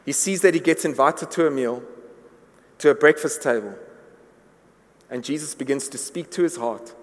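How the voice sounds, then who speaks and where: In a church hall with the long reverb of a large space, a pastor preaches to his congregation. His medium-pitched voice moves at a moderate pace, and he sounds earnest, frequently repeating words as he works up to his point.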